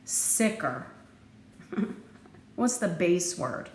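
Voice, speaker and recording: A woman teacher giving a recorded phonics lesson, slow and deliberate, playful, with sudden lively jumps in her voice. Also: fairly low pitch. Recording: echoey room with faint background noise.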